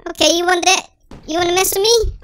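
A gaming channel host giving excitable, dramatic let's-play commentary through a sped-up chipmunk voice filter. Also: extremely high pitch, fast talker, no echo.

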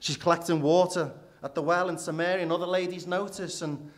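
A man, preaching a sermon in church with rhetorical questions, dropping low and quiet for emphasis. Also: steady tone, brisk.

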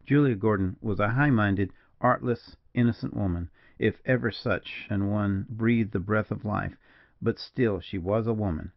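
Male narrator, audiobook, measured storytelling, gravelly, dull lo-fi sound. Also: lowish voice, no echo. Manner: measured, old-fashioned storytelling. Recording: dull lo-fi dry recording.

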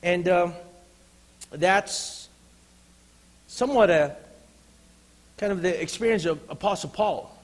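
High-voiced pastor preaching in a hall. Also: male voice, slow pace, long pauses. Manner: impassioned, swinging from loud to hushed. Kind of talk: sermon. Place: church.

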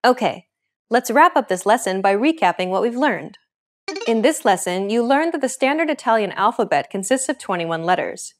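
A woman hosting a scripted language lesson, explaining grammar points in a clear, explanatory teaching delivery. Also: a little high, animated, moderate pace, soft background music.

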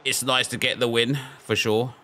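A young man chatting casually while playing a football video game, reacting with excited outbursts and frustrated self-talk. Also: medium pitch, moderate pace. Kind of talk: casual gameplay commentary.

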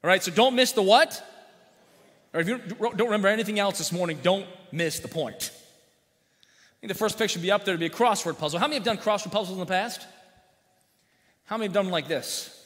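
A man preaching in a church, his voice high and bright. He talks in a folksy way, tosses out jokes and asks the congregation questions. The sound rings with long hall reverb. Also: fast talker, pauses often. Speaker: pastor. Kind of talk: sermon with jokes. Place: church sanctuary.

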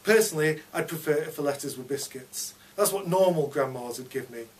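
A man's voice: fairly high pitch, expressive, fairly quick, far from the mic. A man reading his own story aloud at a fiction night, in a chatty child narrator's voice.

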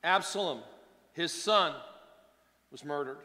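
A pastor delivering a sermon, his delivery swinging between hushed and loud. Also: fairly high pitch, slow, long reverb tail. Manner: preaching with wide swings between soft and loud.

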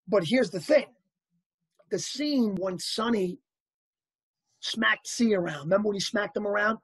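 Male interview guest, husky and lively, telling anecdotes in a dry, close recording. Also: sits high, a little slow, long pauses, no room sound. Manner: animated anecdotal storyteller, acts out quotes. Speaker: actor guest. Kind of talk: casual storytelling interview.

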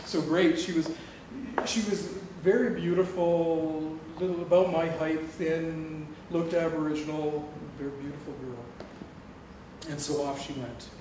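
His pitch fairly high and his tone steady, a middle-aged Canadian guest speaker unhurriedly tells a personal story to an audience in a lecture hall on campus. He dramatizes the dialogue and laughs often. The room recording is distant, echoey, and noisy.

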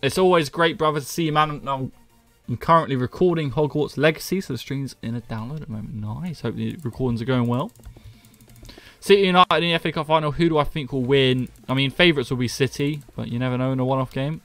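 A man's voice: mid-range voice, fast talker, a bit bright, no echo, soft background music. A man from the UK, chatting casually and self-mockingly with viewers on a live stream. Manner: joking, self-mocking, reads chat aloud. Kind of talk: casual chat with viewers while gaming.

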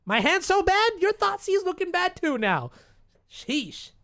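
Streamer, casual play-along commentary; muttery and profane with sudden excited spikes. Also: extremely high pitch, takes it slowly, no echo, clean studio sound. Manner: muttering to self, swearing, bursts of excitement; chats to chat and opponent.

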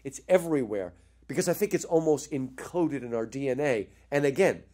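A middle-aged man giving an animated lecture, telling stories with energy and addressing his listeners as folks. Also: mid-range voice, brisk.

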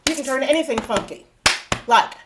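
Over a video call from a room at home, a woman teaches a body percussion lesson live online, counting and chanting rhythms aloud in a playful, coaxing manner. Her voice is high and a little fast, and the audio is very noisy.

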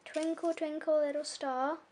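A woman's voice: high-pitched, level tone, measured pace, darkish tone, recorded from a distance, slight background noise. A young woman chatting casually in a vlog, giggly and self-deprecating, holding the camera herself. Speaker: vlogger. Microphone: camera mic, handheld camera.

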